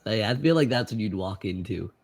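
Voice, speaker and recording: A man with a gravelly, husky voice plays his character in a tabletop game. His pitch leaps around animatedly, and he laughs often between lines. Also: animated, fast talker, darkish tone. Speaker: player.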